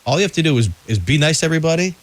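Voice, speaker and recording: A man co-hosting a radio talk show, telling stories in a casual, slangy, animated way. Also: on the high side, racing. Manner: animated, slangy, acts out quotes. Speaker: radio co-host. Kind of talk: casual storytelling.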